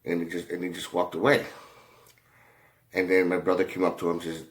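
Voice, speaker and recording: A man telling a rambling story in a casual way, halting often, with many fillers and restarts and a lot of swearing. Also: low voice, completely flat delivery. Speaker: commentator.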